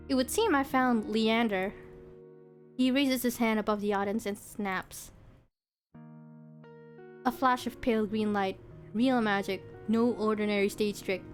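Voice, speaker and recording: A young woman streamer reading a visual novel aloud, expressive, with giggly asides to her co-player. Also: medium pitch. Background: game music.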